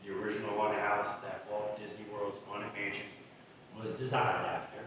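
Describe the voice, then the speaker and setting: A man's voice: on the low side, flat delivery, moderate pace, fairly bright tone, slight background noise. A man co-hosting a podcast in casual chat, laid-back and full of slang and cursing. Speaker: podcast co-host. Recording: echoey room, far from mic.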